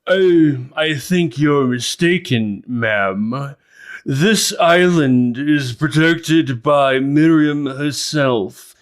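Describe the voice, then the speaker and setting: A man's voice: a little high, extremely slow, voice pushed up. A man voicing a regal older village leader who speaks in a brusque, accusing way in a tabletop game. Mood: suspicious.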